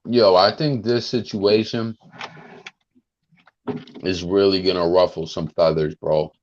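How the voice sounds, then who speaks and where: A man's voice: deep voice, steady tone, slow. A man co-hosting a podcast in casual chat, slangy and rambling with lots of fillers. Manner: slangy, rambling, full of "like" and "bro". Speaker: podcast co-host. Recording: muffled lo-fi audio with faint hiss.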